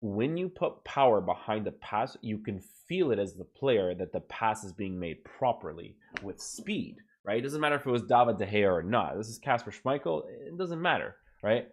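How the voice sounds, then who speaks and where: A man's voice: lowish voice, big pitch swings, normal speed, hardly any pauses. A young man doing casual commentary over his own gameplay, emphatic, keeps checking in with "right?". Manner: casual, swears now and then. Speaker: gaming YouTuber.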